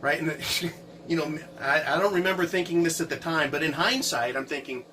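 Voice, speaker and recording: Bright-voiced man telling a story. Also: on the high side, brisk, recorded from a distance, a little hiss or hum, low-quality recording. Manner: animated, repeats words, keeps asking right?. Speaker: vlogger telling a personal encounter story. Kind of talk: casual first-person storytelling.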